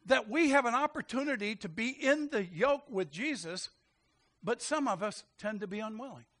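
A man preaching a sermon, animated, quick to laugh and calling out questions to his congregation. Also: very high voice. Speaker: pastor.

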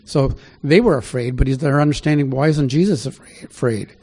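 This man, a pastor, has a mid-range, darkish voice and talks fairly quickly. His conversational sermon mixes scripture read aloud with questions for his listeners as he teaches the Bible.

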